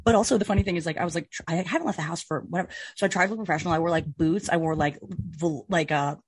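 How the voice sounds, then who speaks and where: A woman co-hosting a podcast, telling a rambling, animated story in casual chat and laughing often. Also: fairly low pitch, rapid-fire, breathy edge, no echo, studio quality. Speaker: podcast co-host.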